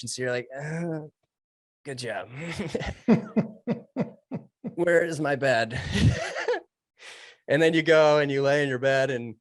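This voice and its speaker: A man recounting his military training in an interview, earnest and emotional, with halting restarts. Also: medium pitch, fairly bright tone, no room sound, clean studio sound. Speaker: guest, former Navy SEAL trainee. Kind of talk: personal story told in an interview.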